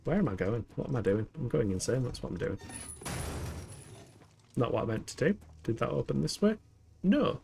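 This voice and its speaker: A man's voice: mid-range voice, sing-song, moderate pace, gravelly, pauses often, warm tone. A young man with a playful, giggly manner, chatting casually while livestreaming a game from his home setup. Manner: playful, giggly, rambling banter. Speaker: streamer.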